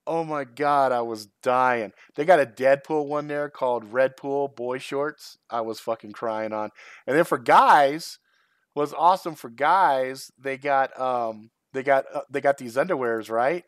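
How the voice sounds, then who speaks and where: A man's voice: medium pitch, unhurried, no room sound, clean studio sound. A middle-aged man hosting his own channel, chatting casually on a live stream, rambling and swearing, often breaking into laughter. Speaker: channel host.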